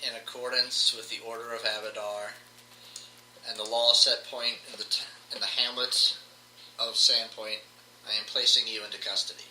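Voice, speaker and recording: A man's voice: medium pitch, little pitch movement, normal speed, bright, forceful tone. A man voicing a lawful male cleric who speaks stiffly and formally while making an arrest. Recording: echoey room, background noise.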